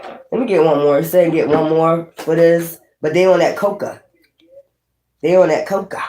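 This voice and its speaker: A woman's voice: deep voice, fairly even intonation, moderate pace, dark tone. New woman doing a tarot reading, swears a lot, chatty, echoey room. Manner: blunt and chatty, with swearing and laughs. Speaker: tarot reader.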